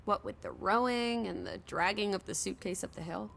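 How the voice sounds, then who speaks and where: A bossy, skeptical young companion. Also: female voice, medium pitch, animated, moderate pace, vocal fry, fairly bright tone, a little hiss or hum. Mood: commanding. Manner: curt, bossy, dismissive. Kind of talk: video game voice acting.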